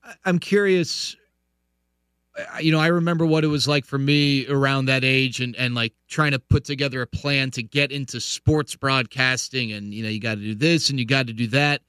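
A man's voice: medium pitch, steady tone, normal speed, a bit bright, clean tone, no echo. A male interviewer asking long, curious questions with some restarts. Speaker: interviewer host.

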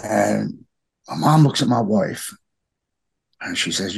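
A middle-aged man talking earnestly in a podcast conversation, halting and repeating his words. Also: on the low side, animated, vocal fry, breathy edge.

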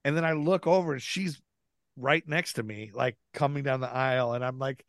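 A man's voice: mid-range voice, steady tone, moderate pace, no room sound, clean studio sound. A man as a podcast guest, telling a story with lots of laughter and swearing, acting out what people said. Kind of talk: casual storytelling.

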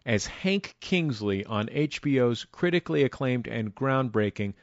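A man hosting a radio interview show, asking measured, thoughtful questions and introducing his guest. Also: medium pitch, lively intonation, slight background noise. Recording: dry, slightly muffled studio audio.

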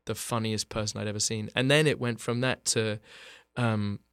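A man's voice: on the low side, steady tone, moderate pace, fairly bright tone, smooth, no echo, studio quality. A man, chatting as a guest in an interview, talking with lots of restarts and a self-deprecating manner. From England, Bath. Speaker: actor guest. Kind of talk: casual interview chat.

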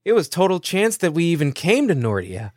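A man's voice: a little high, very animated, fairly quick, no room sound, studio quality, pitched above the performer's own voice. A man voicing a flustered young male kid who stammers and trips over his words. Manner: stammering, nervous.

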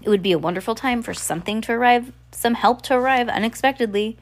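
A woman's voice: a little high, fast talker, pitched above the performer's own voice, lightly acted. Anxious, bookish teen boy from a storybook, earnest, read by a woman.

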